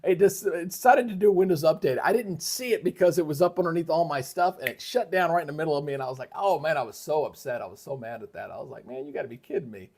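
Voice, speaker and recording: A man's voice: fairly high pitch, fast talker, few pauses, darkish tone, husky. Chatty man giving a live weather update. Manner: rambling, folksy, many fillers and restarts. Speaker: livestream weather host. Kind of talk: casual live weather commentary. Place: home streaming setup. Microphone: switches between microphones, moves away from them.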